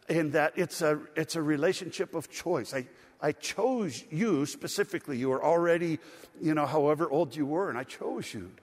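Middle-aged pastor preaching in a reverberant hall. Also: male voice, a little high. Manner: conversational storytelling with frequent fillers and restarts. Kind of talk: sermon. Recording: long reverb of a large hall.

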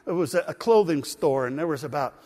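A male pastor with a fairly high voice delivers a sermon, moving from a chatty story to emphatic preaching. The sound rings with long reverb in a church hall. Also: lively intonation, quick pace, a little mellow. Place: church sanctuary.

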